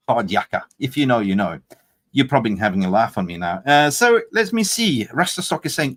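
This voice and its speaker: A man's voice: medium pitch, very animated, moderate pace, a bit bright. Joking man hosting a live fan stream. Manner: joking, loose, swearing, reads comments aloud. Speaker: fan channel livestream host. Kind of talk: casual live chat.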